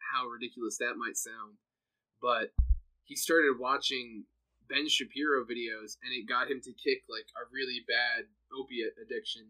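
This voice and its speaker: Brief: young male podcast guest from New Jersey, sharp bright tone, chatty storyteller. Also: medium pitch, low-quality recording. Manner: laughs often, storytelling with many "like"s. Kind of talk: casual chat.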